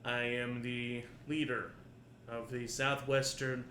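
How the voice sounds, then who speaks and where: A man's voice: medium pitch, flat delivery, slow, pushed and bright, a little hiss or hum. A man voicing an older male militia leader who greets captives in a boastful way. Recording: roomy echo.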